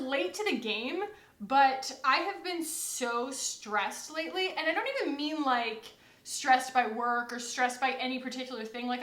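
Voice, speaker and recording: A young adult woman from the United States chatting casually to camera as a vlogger, rambling and quoting people in animated asides. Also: high-pitched, roomy sound. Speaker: beauty vlogger.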